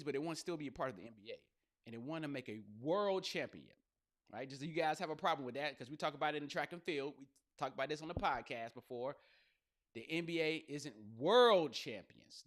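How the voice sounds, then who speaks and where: A male comedian hosting a podcast, riffing in an animated, profane monologue full of slang. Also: a little high.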